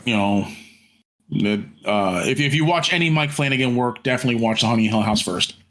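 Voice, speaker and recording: A man's voice: medium pitch, brisk, a bit bright. A man co-hosting a podcast in casual chat, rambling with many fillers and restarts and some casual swearing. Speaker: podcast co-host.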